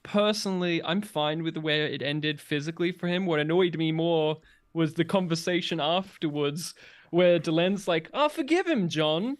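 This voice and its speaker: Male co-host, jokey and animated, smooth clear voice, casual fan chat. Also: a little high, moderate pace. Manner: animated and joking, acts out quoted lines. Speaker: podcast co-host.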